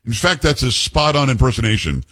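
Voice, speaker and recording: A man's voice: mid-range voice, very animated, brisk, fairly bright tone, husky. A middle-aged man hosting a talk show in a casual, joking way, rambling into asides with his co-workers. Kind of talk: casual talk radio chat.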